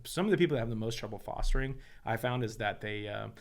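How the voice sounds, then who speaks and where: A man, a pastor and foster father, telling a family story as a podcast guest in animated, casual storytelling, full of asides. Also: mid-range voice. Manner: animated, rapid, full of "you know" asides.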